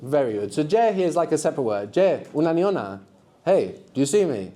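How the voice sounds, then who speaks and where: Encouraging male language teacher, mellow voice. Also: fairly high pitch, sing-song, fairly quick. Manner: encouraging, quizzes the group with frequent tag questions. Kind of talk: live workshop teaching. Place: classroom with students.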